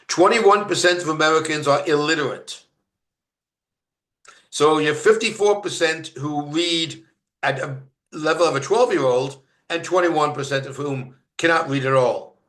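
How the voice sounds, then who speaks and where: A man from Canada giving a university lecture, halting with many fillers and restarts and stressing each word of a list. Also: on the high side, fairly bright tone, roomy sound. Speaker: guest lecturer. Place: lecture room.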